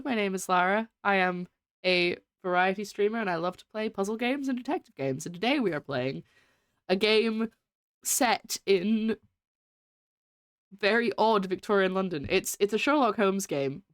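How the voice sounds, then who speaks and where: A woman's voice: on the low side, animated, moderate pace, no room sound, studio quality, faint music behind. A woman variety streamer chatting casually with her viewers while playing a game, welcoming and laughing often. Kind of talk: casual live-stream chat while gaming.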